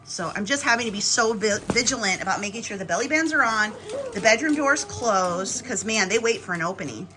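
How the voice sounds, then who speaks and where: A woman's voice: medium pitch, animated, fairly quick. A woman vlogger chatting casually to the camera at home, rambling along in a self-deprecating way. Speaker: lifestyle vlogger.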